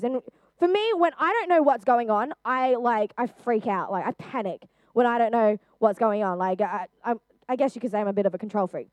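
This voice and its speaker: A woman's voice: on the high side, darkish tone, no room sound. A young woman giving a personal testimony to a group, speaking earnestly and chattily with frequent fillers. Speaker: youth speaker.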